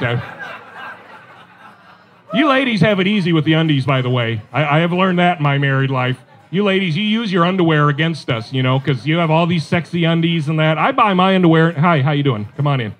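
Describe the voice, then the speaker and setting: A man's voice: fairly high pitch, animated, a little fast, fairly bright tone. A middle-aged man performing a stand-up comedy set, conversational and self-deprecating, with chatty asides to the crowd.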